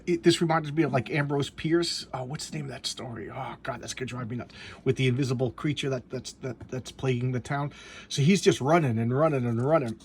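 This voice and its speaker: A man casually reviewing a comic book, rambling with excited asides and restarts as he pages through it. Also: medium pitch, a little hiss or hum. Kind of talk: casual comic review, reading panels aloud.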